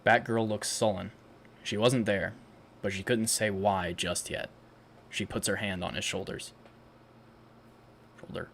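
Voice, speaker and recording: A man's voice: fairly low pitch, steady tone, unhurried, creaky, pauses often, a bit bright, slight background noise. A man narrating stage directions in a live read of a fan audio drama, plain and matter-of-fact.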